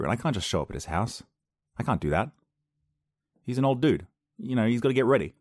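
A young podcast host tells a self-mocking story on his casual solo show, acting out other people's voices. His voice is lowish and a little mellow, recorded at studio quality with no echo on a podcast mic with a loose cable at home.

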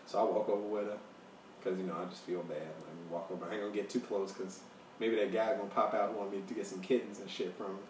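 A man's voice: fairly low pitch, quick pace. Chicago guy cursing his way through a story, mic a bit far off, echoey room, faint hiss. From Chicago area. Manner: profane, animated, acts out quoted voices. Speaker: podcast co-host. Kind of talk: casual storytelling chat. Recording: roomy, distant mic, faint noise.

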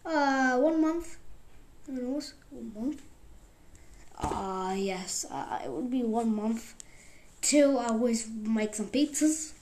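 A woman around twenty rambling excitedly in a casual vlog, jumping between loud outbursts and whispers. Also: fairly high pitch, takes it slowly, long pauses. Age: about 20. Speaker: vlogger.

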